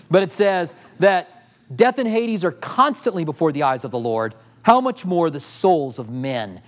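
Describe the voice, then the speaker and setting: Middle-aged guy preaching a sermon, fairly high voice, fired up, lots of rhetorical questions. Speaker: pastor. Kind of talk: sermon teaching.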